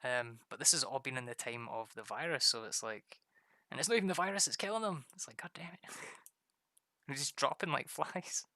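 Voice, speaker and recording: A man's voice: mid-range voice, fairly quick, pushed and bright, no room sound, clean studio sound. A man, chatting casually on a stream, laughing often and mimicking people. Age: 30s.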